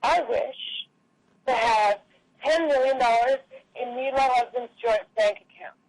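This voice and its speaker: Scorned rich wife, wry and halting, performed by a woman. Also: on the high side, darkish tone, low-quality recording. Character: jilted wealthy wife, wry and scheming.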